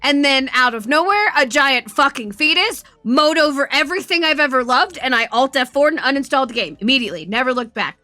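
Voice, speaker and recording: A woman streamer telling rambling, profane stories with a bright, forceful voice. She speaks a little higher than most women, and her voice is close and dry with faint music underneath. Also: animated, brisk, few pauses, no echo. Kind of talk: casual stream chat. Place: home streaming setup.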